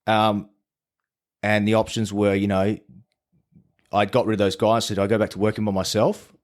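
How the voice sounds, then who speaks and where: A man's voice: on the low side, flat delivery, normal speed. An Australian man telling his story as a podcast guest in a casual, laid-back way and swearing freely. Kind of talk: casual chat.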